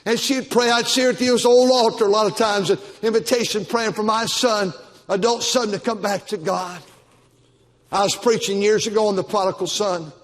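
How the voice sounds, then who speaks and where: An older man preaching a Baptist sermon as pastor, with emphatic, repetitive exhortation. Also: high voice. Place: church auditorium. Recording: long church-hall reverb.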